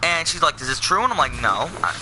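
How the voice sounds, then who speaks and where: A man's voice: fairly high pitch, big pitch swings, quick pace, background noise. A young man telling a personal story in a casual, rambling way, full of fillers and self-corrections. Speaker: vlogger.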